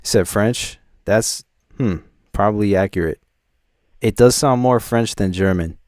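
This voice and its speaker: Low-voiced man chatting on a livestream. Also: unhurried, darkish tone, no room sound, studio quality. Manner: chatty, thinks aloud, quizzes his chat. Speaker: livestream host reviewing viewers' beats. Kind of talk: casual live-stream chat.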